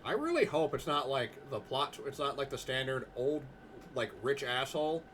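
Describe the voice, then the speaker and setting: Excitable young man doing game commentary. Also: medium pitch, normal speed, a little hiss or hum. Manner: excitable, jokey, swearing. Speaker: gaming host. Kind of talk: let's-play commentary.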